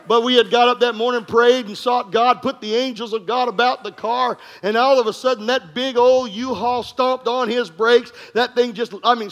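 A pastor preaching an energetic sermon to his congregation, telling stories with jokes and bursts of shouting. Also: very high-pitched. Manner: animated, joking, breaks into shouts. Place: church congregation room.

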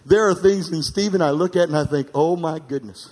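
A man preaching a sermon as pastor, calling for amens and swinging from emphatic, near-shouted peaks to quiet asides. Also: high-pitched, fast. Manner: calls for amens from the congregation.

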